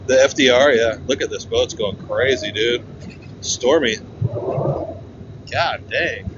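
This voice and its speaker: A man's voice: medium pitch, slow pace, lo-fi sound, noisy background. A man casually narrating a livestream tour from a ferry deck, chatty and jokey, on a handheld phone. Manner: laid-back, chatty, jokey. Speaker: vlogger. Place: outdoor deck of a river ferry.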